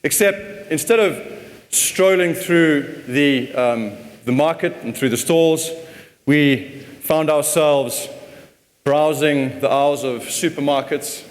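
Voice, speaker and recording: A man's voice: a little high, slow pace. A man giving a casual conference talk, often repeating words as he thinks. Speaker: conference speaker. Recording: long hall reverb.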